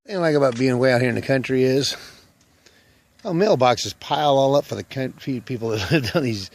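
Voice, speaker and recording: Walking woods and country roads, this man tells jokes and rambles folksily in his hiking vlog. He speaks fairly quickly, with a medium-pitched voice and lively intonation.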